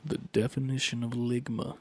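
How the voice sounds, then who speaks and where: A man's voice: medium pitch, level tone, moderate pace, darkish tone. A man co-hosting a gaming podcast in casual chat, full of crude jokes and banter. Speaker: podcast co-host.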